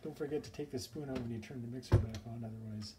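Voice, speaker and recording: A man's voice: medium pitch, quick pace. A man casually talking through a home cooking video, rambling and chatty and breaking off mid-sentence, filmed on a camera across a home kitchen. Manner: rambling, chatty, self-interrupting. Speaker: home cook. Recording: noisy home recording.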